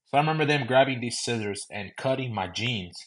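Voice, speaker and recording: A man's voice: medium pitch, lively intonation, a little fast. A young man from San Antonio, Texas, casually telling a personal story with loose, repetitive phrasing. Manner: loose, conversational, repeating "I remember". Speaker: podcast host.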